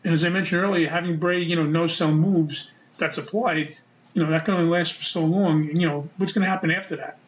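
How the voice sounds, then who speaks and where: A man with a slightly high-pitched voice hosts his own podcast, sharing opinions in a loose, rambling way. He leans on filler words as he thinks aloud. The recording sounds dull and lo-fi. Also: fairly even intonation, brisk. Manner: casual, rambling, lots of "you know" fillers. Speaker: podcast host.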